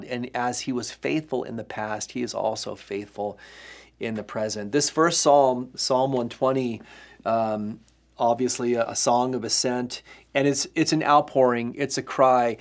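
A male pastor giving an earnest, emphatic sermon teaching, with frequent fillers and restarts. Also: mid-range voice.

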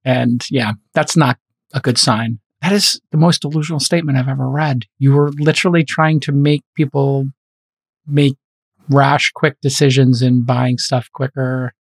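A man's voice: mid-range voice, fairly even intonation, moderate pace, slightly rough, dry recording. Male host, wry and chatty, steering a roundtable; dry close-mic sound. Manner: wry, leads the discussion with asides. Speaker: podcast host. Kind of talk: casual chat.

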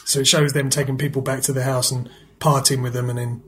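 A man's voice: mid-range voice, little pitch movement, quick pace. A man from the UK co-hosting a casual movie podcast, easygoing and steering the talk with questions. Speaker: podcast co-host. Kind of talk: casual chat.

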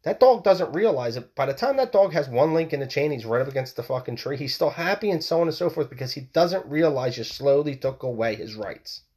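A man's voice: on the high side, expressive, fairly quick, few pauses, darkish tone. A man hosting his own podcast, delivering a blunt, heated opinion monologue with frequent swearing. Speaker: podcast host.

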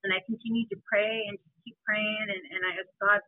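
A woman's voice: mid-range voice, level tone, dry recording. Woman sharing testimony over a tinny line. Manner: emotional, halting, many restarts. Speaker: interviewee. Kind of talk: personal testimony. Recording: tinny phone-like line, dry.

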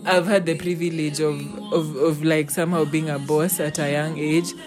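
A woman's voice: low voice, moderate pace, over music. A young woman, telling a story in casual chat and acting out the quotes in it. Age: young adult. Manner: animated, acts out quotes.

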